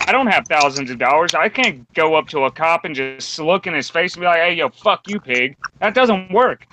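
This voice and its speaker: A man's voice: high-pitched, noisy background. A man hosting a podcast round table, delivering a blunt, combative rant full of swearing. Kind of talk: profane opinion rant.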